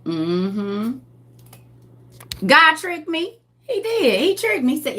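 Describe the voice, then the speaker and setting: A woman's voice: sits high, very animated, takes it slowly, pauses often, bright, forceful tone. A woman hosting a live group chat, talking casually in a playful, teasing way and laughing often. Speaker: host of a live reading group.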